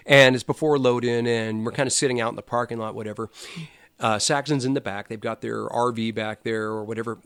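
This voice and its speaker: Guy with a gravelly voice swapping band stories, dry close sound, acts out the quotes. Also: medium pitch, fairly quick, no echo. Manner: animated storyteller, acts out quotes. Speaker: guest musician. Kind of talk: casual storytelling chat.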